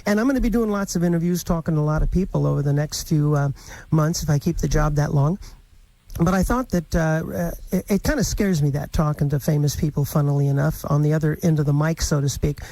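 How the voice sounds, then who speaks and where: A man, hosting a live morning radio show in a playful, jokey way with quick laughs. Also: on the high side, warm tone, no room sound, poor audio. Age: 50s.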